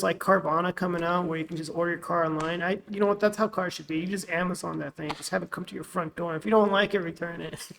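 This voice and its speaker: High, gravelly man griping. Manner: frequent agreeing murmurs, frustrated ranting. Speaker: podcast co-host. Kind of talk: casual chat.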